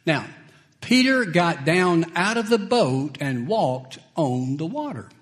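A man preaching a sermon, slow and deliberate, who chuckles between points and acts out scripture quotes. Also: a little high, big pitch swings, a bit bright.

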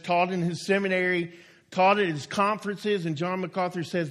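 A man's voice: high voice, steady tone, normal speed, fairly bright tone. A man preaching a sermon as a pastor, folksy and emphatic, stretching out key words for stress.

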